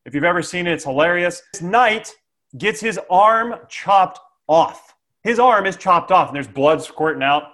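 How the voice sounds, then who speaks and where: Sales coach, male, slightly high pitch, animated and playful, frequent "okay?". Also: moderate pace. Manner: lively, jokey, with frequent "okay?" check-ins. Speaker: sales trainer. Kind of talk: instructional sales talk.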